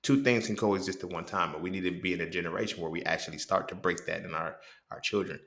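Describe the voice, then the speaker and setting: Low-pitched and slightly bright with vocal fry, this host talks at a quick pace through a casual monologue. He's blunt and profane, constantly asking "you feel what I'm saying?", with a roomy echo in the recording.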